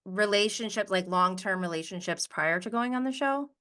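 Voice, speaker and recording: A woman's voice: medium pitch, animated, normal speed, sharp tone, clear, resonant tone. A young woman hosting a podcast, asking eager, chatty questions and joking about herself. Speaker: podcast host. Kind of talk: casual interview chat.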